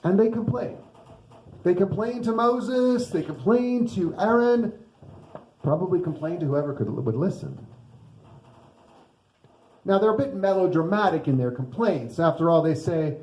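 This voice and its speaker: Pastor preaching in an echoey church. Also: male voice, sits high, animated, a little slow, long pauses, darkish tone. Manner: conversational, asks the congregation rhetorical questions. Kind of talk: sermon. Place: church sanctuary.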